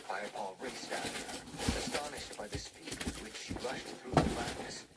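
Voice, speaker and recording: A man reading a novel aloud in a hushed, breathy whispered storytelling voice. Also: on the low side, normal speed, hardly any pauses. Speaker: narrator. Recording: distant mic with loud background noise.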